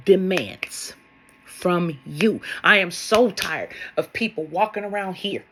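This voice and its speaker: A woman's voice: on the low side, vocal fry, fairly bright tone, slightly rough. A woman speaking as a spiritual love coach in a vlog monologue, blunt and sassy, swearing and firing rhetorical questions at her viewers.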